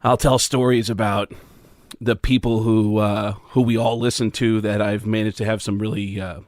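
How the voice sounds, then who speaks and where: A man's voice: lowish voice, little pitch movement, moderate pace, darkish tone, no room sound, studio quality. A man, a comedian guest on a podcast, telling stories in an easygoing way with many fillers. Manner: easygoing, storytelling, stumbles over fillers. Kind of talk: casual chat.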